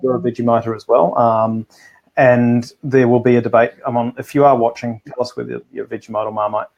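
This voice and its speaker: A man's voice: medium pitch, level tone, fairly quick, gravelly, a little mellow, lo-fi sound. A man co-hosting a casual live food show, talking in a rambling way full of restarts and fillers. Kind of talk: casual live-stream chat.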